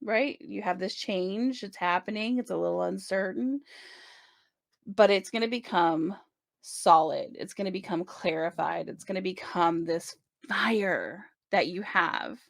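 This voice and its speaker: Woman, tarot reader, casual chat, gravelly, dry room, keeps asking "right?". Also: lowish voice, measured pace, no echo. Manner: chatty, reassuring, many "right?" check-ins. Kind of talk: casual tarot reading to camera.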